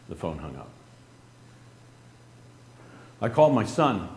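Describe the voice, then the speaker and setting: A middle-aged man telling a personal story earnestly and haltingly, his voice dropping soft at grave moments. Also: on the low side, sing-song. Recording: roomy echo with faint noise.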